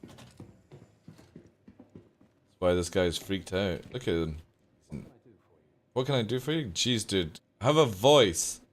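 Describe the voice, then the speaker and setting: A man's voice: lowish voice, expressive, slow pace, long pauses. A young adult man streaming a game live, chatting casually with his viewers, joking and swearing freely. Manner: profane, joking, talks to chat. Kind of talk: casual live gameplay chat.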